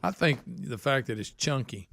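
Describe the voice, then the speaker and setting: A man's voice: medium pitch, expressive, normal speed, vocal fry, a loud crowd. Dry-witted man on talk radio. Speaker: radio co-host. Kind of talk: casual radio banter.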